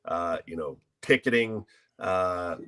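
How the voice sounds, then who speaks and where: A man on a sports panel talks in a deep, low voice. He speaks in a measured way, leaning on fillers as he thinks. His outlook stays upbeat throughout. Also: fairly bright tone, clear, resonant tone. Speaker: college sports consultant. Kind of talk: casual panel discussion.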